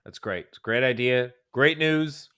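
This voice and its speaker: A young man hosting a casual wrestling recap chat, upbeat and animated, with frequent stumbling restarts. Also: medium pitch, moderate pace, smooth. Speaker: host.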